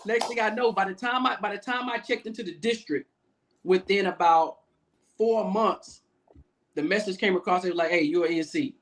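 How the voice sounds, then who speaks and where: A man who is a guest on a podcast, a Navy command master chief, telling stories in a relaxed, rambling way. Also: sits high, normal speed, slight background noise. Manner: relaxed, rambling storytelling with fillers. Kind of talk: casual storytelling chat.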